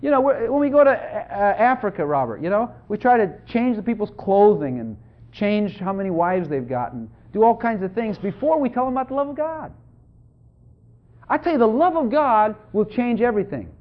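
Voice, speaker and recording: A preacher giving a sermon in a conversational, animated way, often checking in with the audience. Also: mid-range voice, moderate pace. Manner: animated, conversational, repeatedly asks "Hello?". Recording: dull lo-fi recording.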